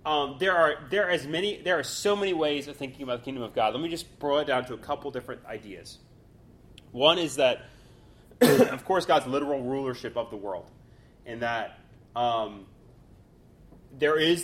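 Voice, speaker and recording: A man's voice: mid-range voice, a bit bright. A man teaching a Bible study class in a loose, conversational way, full of fillers and restarts.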